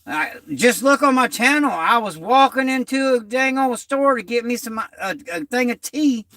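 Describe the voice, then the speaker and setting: A man's voice: very high-pitched, expressive, normal speed, bright, forceful tone, dry recording. A middle-aged man, hosting his channel and telling rambling, slangy stories in casual talk. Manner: loose, rambling storytelling in Southern-style slang. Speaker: channel host.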